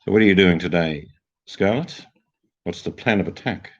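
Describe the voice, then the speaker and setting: Older Australian male host, casual storyteller; very low husky voice, dull lo-fi audio. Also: moderate pace. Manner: chatty storyteller, jokey. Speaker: livestream host. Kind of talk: casual chat. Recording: dull lo-fi sound.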